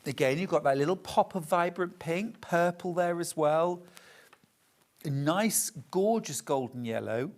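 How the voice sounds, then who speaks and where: TV sales presenter, unhurried and lively in pitch, gushing over each item. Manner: chatty, gushes over the fabrics. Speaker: shopping channel presenter.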